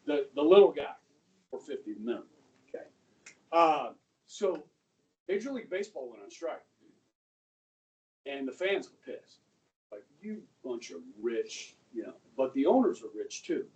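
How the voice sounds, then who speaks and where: A middle-aged male high school history teacher telling a story to his class, checking in with "okay?" and acting out the people in it. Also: sing-song, moderate pace, long pauses, a little mellow, dull audio. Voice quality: conversational, acts out quoted voices, asks "okay?" often. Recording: distant mic in a classroom, faint room noise.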